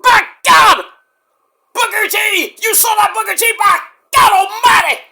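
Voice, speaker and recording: A man imitating a frantic shouting wrestling announcer. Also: extremely high pitch, measured pace, voice pushed up, exaggerated voice. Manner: shouting, breathless excitement. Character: frantic older male wrestling play-by-play announcer.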